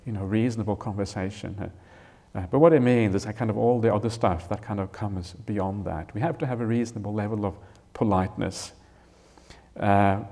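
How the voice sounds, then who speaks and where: A male Buddhist monk teaches at a retreat, explaining a scripture in a gentle, unhurried way. His voice sits low and sounds warm and relaxed. He fills pauses with "uh" and often checks in with a "right?". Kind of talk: Dharma talk explaining a scripture. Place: retreat hall.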